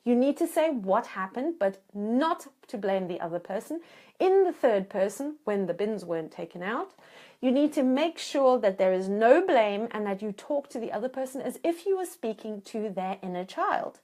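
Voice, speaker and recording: A woman, a relationship coach giving an animated teaching talk and acting out the voices she quotes. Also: fairly high pitch, normal speed.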